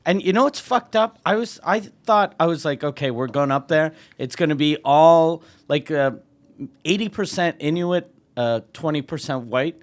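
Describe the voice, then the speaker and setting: Higher-voiced man telling a profane story. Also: expressive, moderate pace. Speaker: podcast co-host, comedian. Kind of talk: casual storytelling chat.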